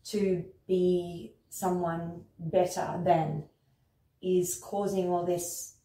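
A woman's voice: lowish voice, flat delivery, very slow, warm tone, slight background noise. A woman who works at a wellness retreat, speaking candidly and reflectively in an interview, with frequent fillers. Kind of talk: conversational interview. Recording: echoey room, mic at a distance.

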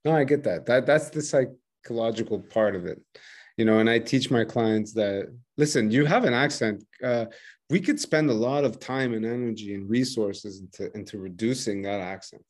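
A man's voice: on the low side, moderate pace, a little mellow. A man hosting a casual conversation as an English teacher, chatty and bilingual, laughing often between points. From bilingual English-French speaker living in France. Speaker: podcast host, English teacher.

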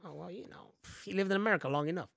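A man co-hosting a podcast in casual chat, joking loudly and swearing freely. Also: high-pitched, racing, creaky, dry recording, studio quality. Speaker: podcast co-host.

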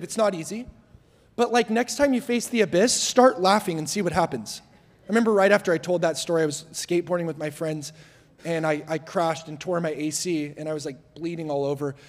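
High-voiced young man preaching, joking. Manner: joking, self-deprecating, lively storytelling. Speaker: guest preacher. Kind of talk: sermon. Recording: long hall reverb.

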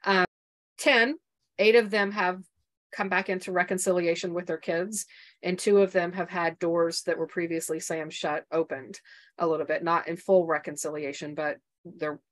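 Her voice on the low side and steady in tone, a middle-aged woman who coaches mothers tells a painful story from her own life as a podcast guest. She is earnest, halting, and frequently starts over.

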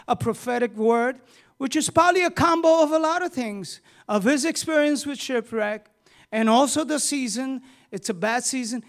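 A middle-aged man with a strikingly high voice preaches a sermon. He asks his congregation questions in a chatty way, then builds to loud, emphatic preaching. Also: normal speed. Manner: talks with the congregation, asking questions. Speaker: pastor.

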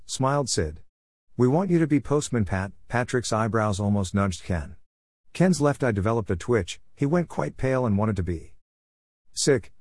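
A man narrating a comic story in an even, wry manner. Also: lowish voice, no echo, clean studio sound. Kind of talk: storytelling reading.

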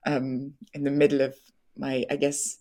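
Low-voiced woman, chatty and laughing. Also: monotone, unhurried, mellow. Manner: chatty, laughs often, many fillers and restarts. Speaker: actress, interview guest. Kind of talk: candid interview conversation.

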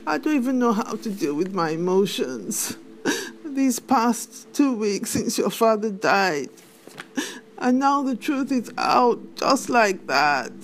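A middle-aged woman with a Nigerian accent plays a bitter, wounded widowed mother in a film drama, indignant and tearful, repeating "eh?" again and again. Her medium-pitched voice is close to an everyday voice. There's a little hiss or hum in the recording.

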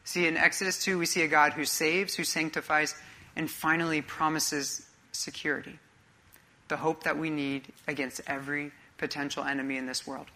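Male pastor, conversational sermon, bright forward tone, searching questions. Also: on the high side, little pitch movement, normal speed. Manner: earnest, conversational preaching with rhetorical questions.

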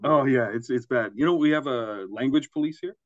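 A man's voice: medium pitch, brisk, no room sound, dull audio. A man co-hosting a casual podcast, rambling through examples and laughing at his own jokes. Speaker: podcast co-host. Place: Quebec, Canada.

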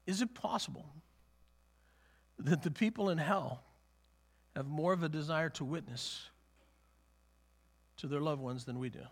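A pastor preaching a sermon in his church, telling a personal story in a halting way, often repeating words and chuckling. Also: on the high side.

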